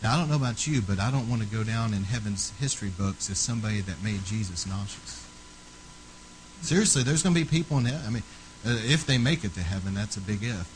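A man's voice: lively intonation, fast talker, slight background noise, rough recording. Fervent man preaching a sermon. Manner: fervent, rising to loud emphatic peaks then dropping low.

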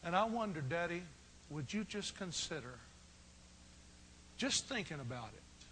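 A man voicing a grown son who earnestly pleads with his hard father, halting and repeating himself. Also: on the high side, very animated, fairly bright tone, a little hiss or hum, low-quality recording. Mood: pleading.

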